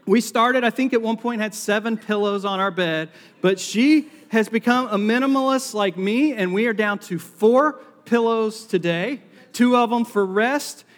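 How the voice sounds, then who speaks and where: A middle-aged pastor with a Southern US accent delivers a sermon in a light, high, fairly bright voice, keeping it conversational and poking fun at himself with jokes along the way. The long reverb of a big auditorium rings around him.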